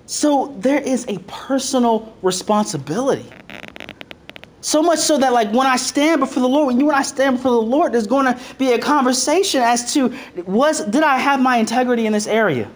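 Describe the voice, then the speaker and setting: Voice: medium pitch, animated, fairly quick. A preacher giving a casual, conversational sermon. Reads scripture aloud, then retells it in slang, with frequent "like", restarts and laughter. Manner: loose and chatty, heavy use of "like", repeats phrases; laughs often between points.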